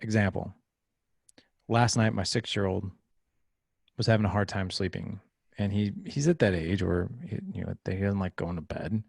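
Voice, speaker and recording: Gravelly-voiced man telling a story. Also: deep voice, normal speed, long pauses, no room sound, studio quality. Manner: animated storyteller acting out quoted voices. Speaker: podcast guest. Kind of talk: casual interview storytelling.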